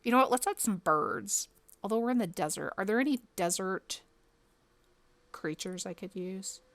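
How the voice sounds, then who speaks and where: A woman playing a game and talking it through casually, muttering to herself and breaking into quick exclamations. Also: mid-range voice, lively intonation, dry recording. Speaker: game streamer. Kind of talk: casual commentary while playing.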